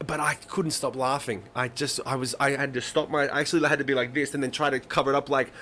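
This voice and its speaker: A man's voice: on the high side, steady tone, fairly quick, few pauses, fairly bright tone, slight background noise. A man in his thirties hosting a live songwriting stream, chatting casually and swearing freely as he tells rambling stories. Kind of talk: casual chat to a live audience.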